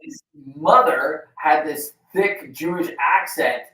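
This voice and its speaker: A man co-hosts a laid-back chat show, rambling along with plenty of fillers and casual swearing. His voice runs somewhat high, with a slow delivery and a fairly bright quality. It's picked up over a video call in a roomy space, far from the mic.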